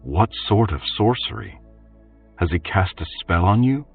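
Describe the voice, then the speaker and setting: A man's voice: low-pitched, animated, unhurried, gravelly, breathy edge, pitched above the performer's own voice, exaggerated voice. A man voicing a worried, protective young man who presses with earnest questions in an audiobook, over faint music. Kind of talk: audiobook character voice. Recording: distant tinny phone-like sound, faint music.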